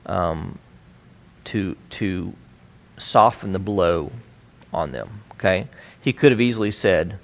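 A man's voice: lowish voice, slow pace, creaky. A man teaching a bible study in a conversational way, with frequent fillers and restarts.

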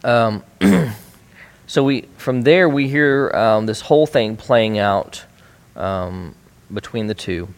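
A man's voice: lowish voice, lively intonation, slow. A man teaching a bible study in a conversational way, with frequent fillers and restarts.

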